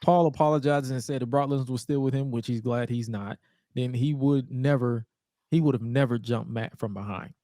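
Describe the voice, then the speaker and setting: A man's voice: medium pitch, steady tone, brisk, warm tone, no room sound, studio quality. A man co-hosting a podcast, recapping old wrestling shows in a laid-back, joking, profane way. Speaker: podcast co-host. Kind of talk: casual wrestling recap chat.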